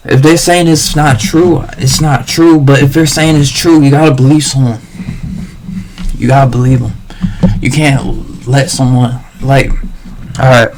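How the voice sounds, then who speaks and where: A man's voice: mid-range voice, gravelly, darkish tone, a little hiss or hum. A man livestreaming a rambling, slangy monologue full of swearing and restarts.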